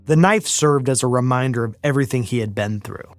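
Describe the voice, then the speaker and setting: A man hosting a podcast, reading scripted narration in a measured, even way. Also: medium pitch. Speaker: podcast host. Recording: faint music underneath.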